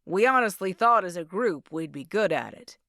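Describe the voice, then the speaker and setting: Brief: woman narrator as a courteous ex-soldier, low and measured, dry sound. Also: expressive, fairly bright tone, dry recording. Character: polite composed ex-military man.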